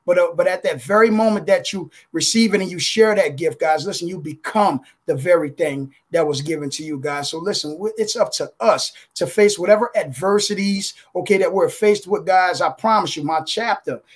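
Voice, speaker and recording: A man giving an emotional motivational testimony as a contributing author, preacherly, with repeated calls of "guys" and "listen", slowing down for emphasis, speaking on a video call. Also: high voice, husky.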